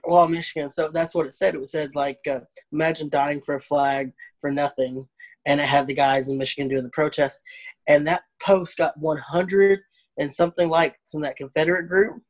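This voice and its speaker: Man, Southern accent, casual chat, animated storyteller, quotes people. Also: fairly high pitch, normal speed. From Arkansas. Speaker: comedian.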